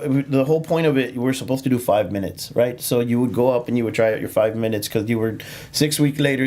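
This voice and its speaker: A stand-up comedian with a medium-pitched, slightly mellow voice tells stories on a casual podcast. He rambles, laughs often, and fills his talk with fillers and restarts.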